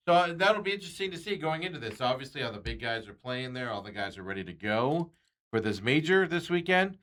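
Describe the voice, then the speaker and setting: A man's voice: medium pitch, expressive, normal speed, a bit bright. A man hosting a sports talk show, chatting casually and rambling with frequent chuckles.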